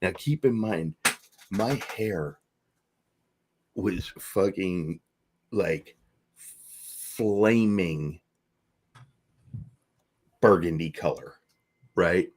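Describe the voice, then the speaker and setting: A man with a low, husky voice tells a rowdy story on a podcast. He swears freely and acts out each quote with a lot of energy. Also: drawn-out words, pauses often. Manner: profane, animated storyteller who acts out quotes. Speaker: podcast host. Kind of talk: casual storytelling.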